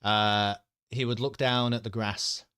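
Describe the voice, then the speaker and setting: A man's voice: on the low side, steady tone, unhurried, a bit bright, clear, resonant tone, dry recording, clean studio sound. A man chatting casually with his stream audience, rambling, joking and swearing freely.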